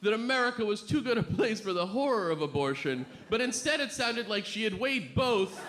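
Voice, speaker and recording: A man doing a stand-up set with a halting, deadpan delivery full of fillers and restarts. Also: high voice. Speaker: stand-up comedian. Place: comedy club stage before a live audience. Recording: loud crowd laughter and noisy club ambience.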